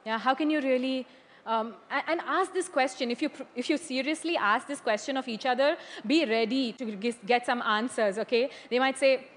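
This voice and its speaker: A woman preaching a sermon in a church hall. She is animated, laughs often and keeps checking in with "okay?". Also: high-pitched, normal speed. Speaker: church leader. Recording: long hall reverb.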